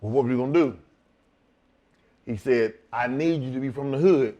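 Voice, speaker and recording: A man's voice: medium pitch, moderate pace, warm tone, muffled recording. A middle-aged man telling wrestling stories as an interview guest, blunt and full of swearing, acting out both sides of old conversations. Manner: blunt, swears often, acts out both sides of quoted talk. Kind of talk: profane shoot-interview storytelling.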